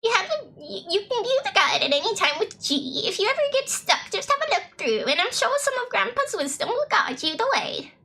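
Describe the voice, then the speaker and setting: A woman's voice: very high-pitched, big pitch swings, a little fast, vocal fry, hardly any pauses, sharp tone, voice pushed up, heavily acted. A woman doing a fussing British grandma. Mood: doting. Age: over 60. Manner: clucking and fussing nonstop.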